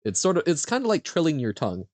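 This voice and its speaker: A young man streaming a vocabulary quiz, slowly sounding out foreign words, guessing aloud and laughing at himself. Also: fairly high pitch, huge pitch swings, darkish tone, dry recording. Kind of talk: casual live-stream chat while playing a vocabulary quiz.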